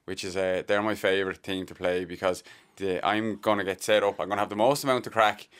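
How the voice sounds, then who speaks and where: A man's voice: sits low, a little fast, clean tone. A man with an Irish accent, a sports mascot performer, telling joking stories as a radio guest. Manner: lively storyteller, animated, joking. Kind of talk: casual radio interview guest.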